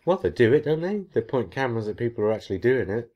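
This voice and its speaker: A man's voice: medium pitch, very animated, racing, lo-fi sound, a little hiss or hum. A man hosting a podcast, chatting casually and reading listener mail with long, rambling explanations. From England. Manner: chatty, explains at length with many restarts. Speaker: podcast host.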